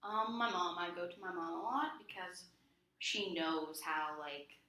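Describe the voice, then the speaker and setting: Young woman, counseling client, chatty and filler-heavy, a bit low-pitched, echoey room. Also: measured pace, pushed and bright. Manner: chatty, many fillers, acts out quoted friends. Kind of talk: casual conversation.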